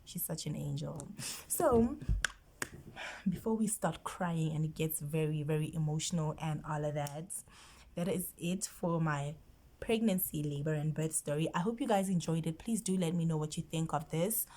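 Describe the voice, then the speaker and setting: A woman's voice: sits low, moderate pace, mellow. A South African woman vlogger telling a personal story, emotional and often dropping into a whisper. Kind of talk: storytime vlog.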